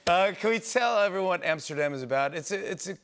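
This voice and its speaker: An enthusiastic male talk show host in a TV studio. His voice is high, bright and very lively in pitch. A faint studio hum sits behind him. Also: fast talker, clean tone. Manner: enthusiastic, laughs often.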